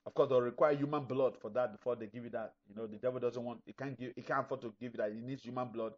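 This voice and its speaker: A man's voice: medium pitch, steady tone, fast talker. A middle-aged man preaching a sermon as pastor, emphatic, acting out imagined listeners. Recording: dull lo-fi recording.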